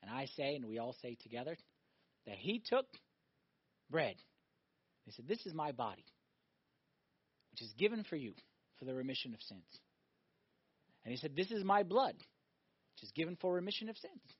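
A middle-aged man preaching a sermon as pastor, animated, swinging between loud emphatic lines and quiet reflective ones. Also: a little high, moderate pace, pauses often, husky, dry recording, highs cut off.

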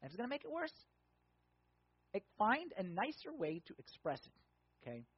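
Delivering a sermon at normal speed, the pastor sounds very animated, his mid-range voice carrying a breathy edge. He's emphatic, leaning on repeated key words and rhetorical questions, and the recording is dry and a little dull.

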